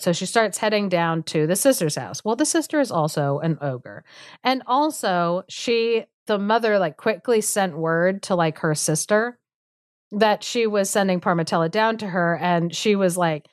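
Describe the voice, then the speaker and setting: A woman's voice: mid-range voice, animated, moderate pace, no room sound, clean studio sound. Chatty woman retelling a fairy tale. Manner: chatty, full of "like", acts out characters' lines with sarcastic asides. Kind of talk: casual storytelling chat.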